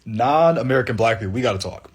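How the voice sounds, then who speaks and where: A man's voice: medium pitch, expressive, quick pace, breathy edge. A man in casual commentary, bemused and questioning, laughing between points. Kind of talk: casual social media commentary.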